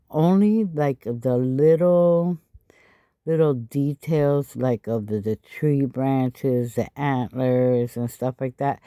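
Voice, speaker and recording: A woman talks through a craft tutorial in a raspy, low, tired voice that sounds a little stuffy. Her tone is mellow and dark, and she takes her time, chatting and adding asides between steps. The recording is dry, with almost no room sound. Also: dry recording. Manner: chatty, explaining step by step with frequent asides. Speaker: craft channel host.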